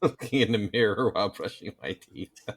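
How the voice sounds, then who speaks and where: A man's voice: fairly low pitch, moderate pace, fairly bright tone. A man co-hosting a podcast in casual chat, teasing with brief dry replies. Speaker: podcast co-host.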